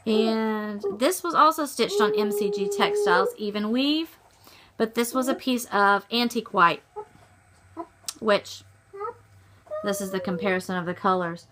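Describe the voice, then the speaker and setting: A woman's voice: on the high side, animated, unhurried, noisy background. A middle-aged woman, chatting casually on her cross-stitch vlog and often rambling and correcting herself. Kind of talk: casual chat.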